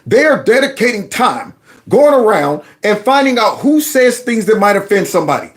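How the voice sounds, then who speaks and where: A man's voice: sits high, big pitch swings, normal speed. A man hosting his own commentary channel, reacting to a news clip in an incredulous, ranting way and acting out quotes.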